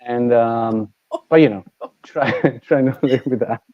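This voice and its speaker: A man's voice: medium pitch, fairly even intonation, unhurried, no room sound, muffled recording. A man from Italy talking as a band guest in a casual interview, hesitant with many fillers and easy laughs.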